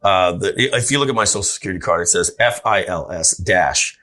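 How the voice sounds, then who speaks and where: A man telling his story as a podcast guest, animated and full of restarts. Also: sits low, a little fast. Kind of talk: storytelling in a casual interview.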